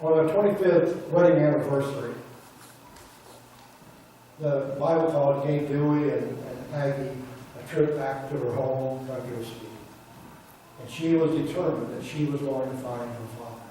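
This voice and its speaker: A man's voice: mid-range voice, steady tone, moderate pace, dark tone, slight background noise. A man preaching a sermon, retelling a story and quoting the people in it. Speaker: pastor. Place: church sanctuary. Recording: roomy church audio from a distance.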